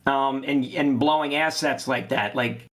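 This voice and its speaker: A podcast co-host with a plain, mid-pitched male voice. He thinks through his answer aloud, stopping and restarting as he goes. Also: fairly even intonation, unhurried, fairly bright tone. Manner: thoughtful, hesitant restarts. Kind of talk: casual podcast analysis.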